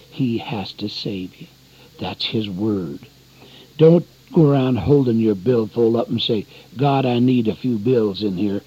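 A man's voice: on the low side, dark tone, slightly rough. An older man preaching an earnest, folksy radio sermon, often calling his listeners friends. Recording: dull lo-fi radio broadcast.

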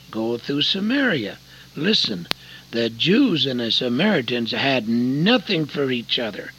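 An older man from Oregon preaching a sermon, earnest and folksy, telling a story with sudden loud emphasis. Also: mid-range voice, breathy edge, highs cut off. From Oregon, USA.

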